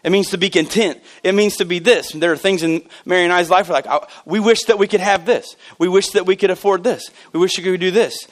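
A man in his thirties preaches to a congregation with a high-pitched voice. He swings from loud, excited bursts down to hushed, low asides. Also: a little fast, few pauses. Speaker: pastor. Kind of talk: sermon. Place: church sanctuary.

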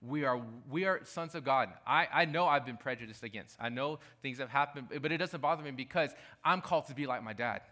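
A man's voice: medium pitch, brisk, few pauses, pushed and bright. A man preaching a sermon as pastor, talking emphatically and repeating his key phrases.

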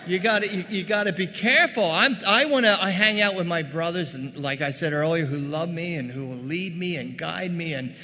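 A man preaching a sermon, animated, acting out quoted voices and rising to loud bursts. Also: a little high, fairly quick, hardly any pauses, long reverb tail. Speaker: pastor.

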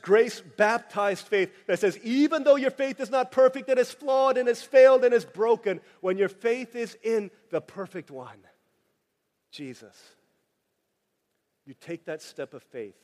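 Pastor, male, high voice, animated and jokey sermon delivery, long hall reverb. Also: unhurried. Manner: animated, joking asides, acts out quoted voices.

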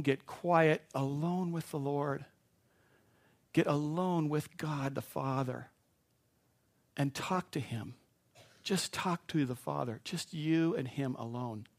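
A man preaching a sermon to a live congregation in a conversational way, with asides and self-deprecating jokes. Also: on the high side.

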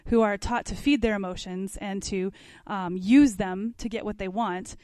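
A woman's voice: mid-range voice, steady tone, normal speed, darkish tone, no echo. A woman teaching a parenting class, reading passages aloud from a book and adding casual comments with questions to her listeners. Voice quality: conversational, asks the class questions.

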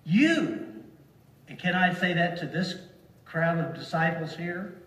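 A man preaching a sermon to a congregation, slow and deliberate, leaning hard on single words to stress them. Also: on the high side, flat delivery, sharp tone. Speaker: pastor. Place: church sanctuary. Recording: echoey hall from far off.

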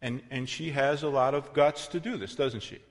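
A man of middle pitch preaches in a loose, conversational way, correcting himself and dropping into asides. He pushes some phrases out loudly and lets others sink almost to a murmur. His voice rings through a long, reverberant hall. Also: normal speed. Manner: swings between loud emphasis and quiet, soft passages. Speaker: pastor. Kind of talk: sermon.

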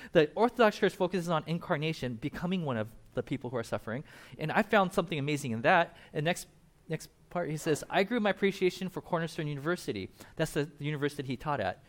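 Brief: male pastor, slightly higher voice, loose conversational sermon delivery with asides. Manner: conversational, animated preaching with laughs and asides.

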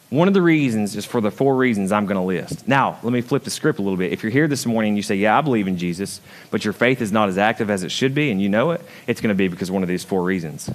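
A male pastor preaching a sermon, emphatic, swinging between loud high peaks and quiet low asides and putting questions straight to the congregation. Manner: emphatic preaching with big swings in pitch and loudness; calls out and questions the congregation directly.

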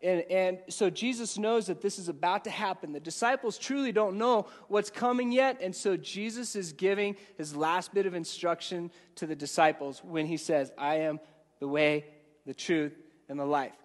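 A man's voice: high-pitched, moderate pace. A man preaching an evening sermon, conversational and prone to repeating words as he speaks to the congregation. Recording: reverberant hall.

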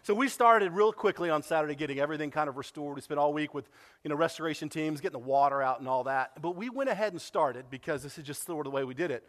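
A man, a pastor telling a story to his church in a lively sermon, acting out what people said. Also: fairly high pitch, quick pace, big-room sound. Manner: animated storytelling, acts out quoted dialogue. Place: church sanctuary.

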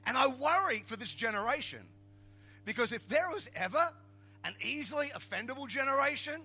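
Animated Australian pastor, high bright voice. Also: male voice, brisk, slightly rough, faint music behind. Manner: animated, joking, building to emphatic shouts. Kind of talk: humorous sermon storytelling.

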